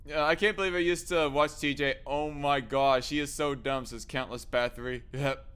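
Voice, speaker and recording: Bright, crisp-voiced man hosting a stream. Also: mid-range voice, steady tone, normal speed. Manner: laughs often, reads chat comments aloud. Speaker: streamer host. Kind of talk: casual live-stream chat.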